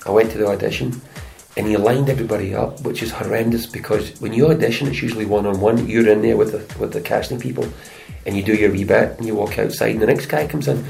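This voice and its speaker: Gravelly Scottish man telling stories. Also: on the low side, fast, soft background music, rough recording. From Scotland. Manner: chatty, lively anecdotes with put-on voices. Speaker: actor and stuntman guest. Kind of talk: casual interview storytelling.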